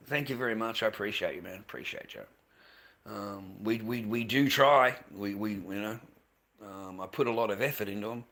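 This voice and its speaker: An Australian man in middle age chats on his livestream in a bright, forward voice. He rambles, repeats his points, and drops in mate and the odd swear word. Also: fairly low pitch, normal speed. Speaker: livestreamer selling handmade masks. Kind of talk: casual livestream chat.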